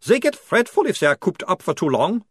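Polite, chirpy vampire with a high, thin voice, audiobook. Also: male voice, sing-song, brisk, breathy edge, no echo, clean studio sound, full character voice. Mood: cheerful. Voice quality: high, far-off voice. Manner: stiff, precise, cheerful. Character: cheerful upside-down male vampire with a formal manner.

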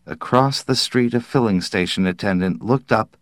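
A man reading a story aloud in a measured, deliberate narration. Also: on the low side, no room sound, clean studio sound. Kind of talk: scripted audiobook narration.

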